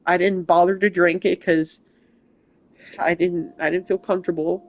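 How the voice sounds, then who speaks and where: Young gamer host, shaky and rambling, mid-pitched, for a heartfelt update vlog. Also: level tone, slight background noise. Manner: emotional, halting, rambling. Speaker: gaming channel host. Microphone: console mic without camera.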